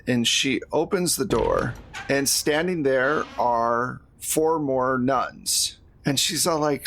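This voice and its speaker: A man's voice: mid-range voice, slow, a little hiss or hum. Man running a tabletop game. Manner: relaxed, talkative, laughs easily. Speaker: game master.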